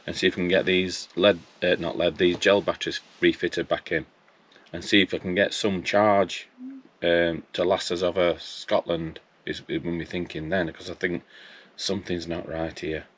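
A man's voice: sits low, little pitch movement, normal speed, slight background noise. A man, casually telling a story and acting out his phone calls in quoted dialogue. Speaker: vlogger.

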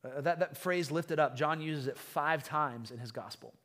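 A man preaching a conversational sermon as pastor, retelling a story in an animated way with frequent restarts. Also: fairly high pitch, normal speed.

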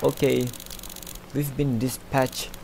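A man voicing a woman police dispatcher in a game, speaking in a flat official phone manner. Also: medium pitch, slow pace, creaky, very noisy.

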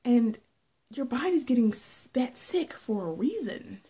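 An earnest, gently insistent woman therapist, put on by a vlogger woman. Her voice sits higher than the vlogger's own and keeps a husky, breathy edge. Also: very animated, unhurried, full character voice. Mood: gently warning. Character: calm patient woman therapist giving advice.

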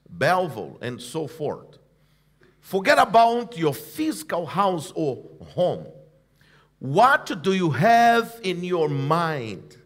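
A man preaching in a church service, his voice pitched high and swinging widely as he drives each point home. He takes it slow and deliberate, pausing to prompt the church to answer back. His phrasing is emphatic and repetitive, building line on line. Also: a bit bright. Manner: call-and-response preaching, prompting the congregation to repeat. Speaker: pastor. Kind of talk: sermon.

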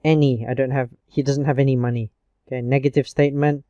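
Guy teaching grammar in a screencast, mellow voice, dry dull sound, keeps saying okay. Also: mid-range voice, level tone, no room sound. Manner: slow, patient explaining with frequent okays. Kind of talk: online grammar lesson. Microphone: screencast recording mic.

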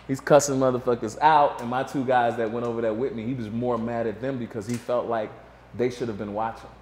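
A man's voice: medium pitch, brisk, echoey room, slight background noise. A man guest in a casual interview, telling a story and acting out what others said. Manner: animated storyteller, acts out quotes.

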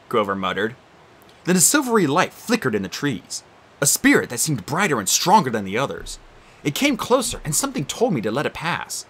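Animated, bright-voiced male storyteller. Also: mid-range voice, normal speed, breathy edge. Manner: expressive, animated reading. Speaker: audiobook narrator. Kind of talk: storybook narration.

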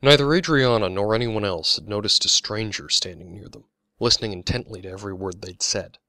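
A man reading his own novel aloud as an audiobook, in an even, measured storytelling voice. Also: on the low side, no room sound, clean studio sound. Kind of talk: audiobook narration.

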